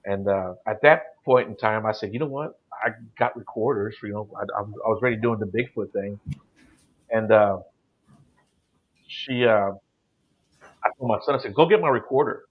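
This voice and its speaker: A middle-aged caller with a husky, lowish voice describes paranormal encounters at a normal speed, pausing often and rambling casually with plenty of "you know" and "like." The highs in the audio are cut off.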